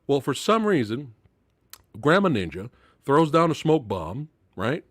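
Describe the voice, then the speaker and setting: Male host, lively swooping delivery, exasperated profane movie rant, dry close sound. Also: mid-range voice, unhurried, no echo. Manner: animated, exasperated and profane, with frequent laughs. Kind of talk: casual live-stream movie rant.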